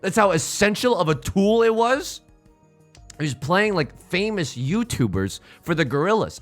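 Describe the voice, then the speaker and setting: A man streaming casually, telling jokes and stories in an animated, self-mocking way. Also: high-pitched, normal speed, faint music behind.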